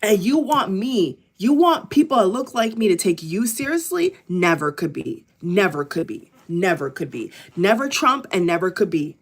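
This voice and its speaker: This American woman's political vlog is a heated tirade in which she repeats phrases again and again. Her medium-pitched, husky voice swings a lot in pitch, runs at a normal pace and leaves few pauses.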